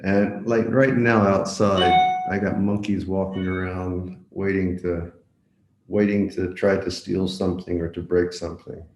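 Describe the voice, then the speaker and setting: A man's voice: low voice, little pitch movement, measured pace, a little mellow, echoey room, faint music behind, rough recording. A man giving a devotional lecture as a visiting monk, telling a story, repeating words for emphasis and asking his listeners direct questions. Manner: asks the audience direct questions.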